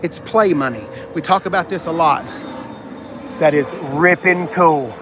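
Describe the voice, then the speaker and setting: A man hosting a casual car-talk livestream, rambling and animated, reading out viewer comments and shouting when worked up. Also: on the high side, measured pace, background noise. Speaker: livestream host reading chat.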